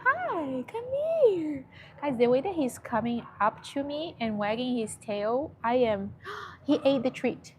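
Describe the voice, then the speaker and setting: A woman's voice: fairly high pitch, a little slow, darkish tone, a little hiss or hum. A woman chatting casually on a livestream from a dog shelter, emotional and cooing at a shy dog.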